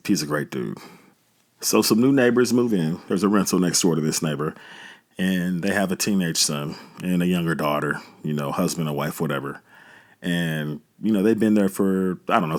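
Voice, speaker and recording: A man in his thirties, a podcast host, telling a true story in a relaxed, chatty, slangy way. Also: low voice. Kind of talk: casual storytelling.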